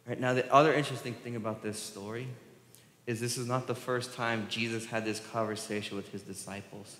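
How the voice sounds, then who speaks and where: A man's voice: mid-range voice, level tone, quick pace. A man preaching a sermon as pastor, talking conversationally and acting out quoted voices in a church sanctuary. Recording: roomy echo with long hall reverb.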